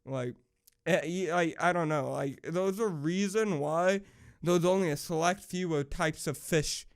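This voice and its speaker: A man's voice: on the high side, unhurried. A young man vlogger ranting casually, profane and rambling with lots of fillers. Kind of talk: casual rant.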